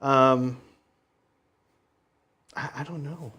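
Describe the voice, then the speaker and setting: This young adult man co-hosts a casual gaming stream and plays wargames. His mid-range voice is steady yet sharp, with a breathy edge and drawn-out words. He rambles hesitantly and self-consciously, restarting often.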